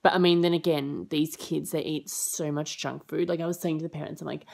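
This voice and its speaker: A woman's voice: steady tone, brisk, vocal fry, hardly any pauses, darkish tone. A young adult woman vlogging as an au pair, rambling casually with lots of fillers and acting out what people said. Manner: rambling and chatty, full of fillers; acts out quoted lines with high jumps in pitch. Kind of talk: casual chatty vlog.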